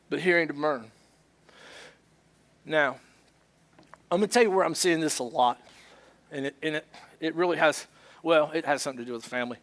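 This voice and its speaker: Guy pastor preaching, high bright voice, gets really animated acting out arguments. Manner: animated, acts out both sides of arguments. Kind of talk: sermon. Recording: church service.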